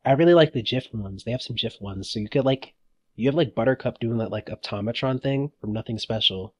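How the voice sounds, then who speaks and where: A man co-hosting a podcast, chatting in an excitable, rambling way and laughing often. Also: medium pitch, brisk, slightly rough, no echo. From United States. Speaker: podcast co-host. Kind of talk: casual chat.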